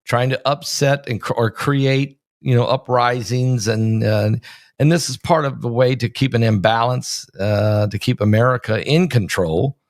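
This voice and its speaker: A man's voice: mid-range voice, unhurried, no echo, studio quality. A man hosting an interview in a conversational, chatty way, asking his guest questions. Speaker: host. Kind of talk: casual interview talk.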